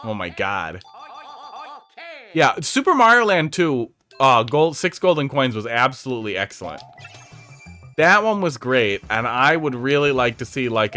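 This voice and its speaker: On a stream, a man with a medium-pitched, bright, forceful voice reviews levels made by viewers. His commentary is casual, sarcastic, jokey and chatty, with faint game music playing underneath.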